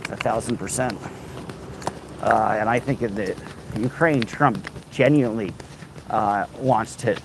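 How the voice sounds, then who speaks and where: A rambling, sarcastic man chats to his live stream on a handheld phone as he walks down a city street. He swears freely and drifts between points. Steady traffic noise runs behind his voice. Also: medium pitch, poor audio. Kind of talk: casual live stream chat. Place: outdoors on a city street, walking.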